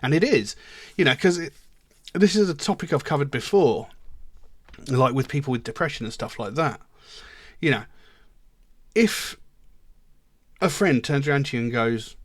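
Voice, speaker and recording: A man's voice: fairly high pitch, animated, normal speed, dry recording. Man, casual commentary, earnest, rambling, emphatic, swears, dry sound. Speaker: music reaction video host.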